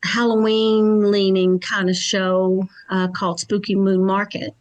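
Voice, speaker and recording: A woman's voice: medium pitch, flat delivery, measured pace. Kentucky lady chatting on a podcast, laid back, lots of mm-hmms. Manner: easygoing, chatty, lots of soft agreeing hums. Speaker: podcast guest, psychic channel and event organizer. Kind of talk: casual chat.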